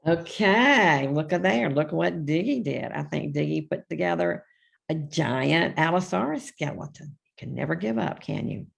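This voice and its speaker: Gravelly low-voiced older woman reading a storybook. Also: expressive, moderate pace. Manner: chatty, reads character lines with small voice shifts and asides. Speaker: children's book author reading aloud.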